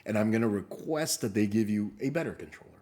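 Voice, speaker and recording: Fast-talking young man telling stories. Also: on the low side. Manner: animated storyteller, swears a lot, acts out quotes. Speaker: podcast co-host. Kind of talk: casual storytelling chat.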